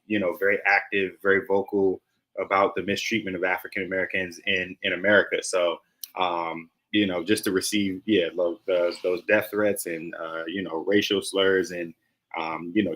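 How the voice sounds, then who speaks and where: A man co-hosts a casual podcast over a call, easygoing and hesitant, leaning on fillers as he thinks aloud. His voice sits low for a man. He sounds unhurried and conversational. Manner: relaxed, hesitant, heavy on fillers. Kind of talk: casual chat.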